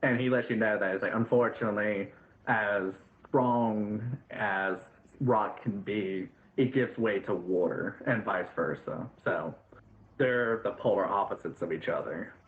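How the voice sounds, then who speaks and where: A man with a fairly low voice narrates a tabletop game as dungeon master, in a loose, casual way full of fillers. He sounds thin and phone-like in an echoey room. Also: a little slow.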